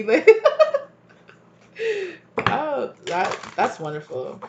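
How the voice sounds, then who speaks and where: A woman's voice: medium pitch, animated, measured pace, a bit bright, lo-fi sound, a little hiss or hum. A woman giving a casual tarot reading to her viewers, rambling and chatty, laughing often and calling them y'all. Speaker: tarot reader.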